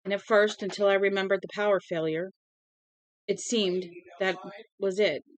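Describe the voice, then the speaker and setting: A woman's voice: mid-range voice, fairly even intonation, normal speed, dry recording. A woman casually reading a novel aloud at home, now and then stumbling over words and correcting herself. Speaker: storybook reader.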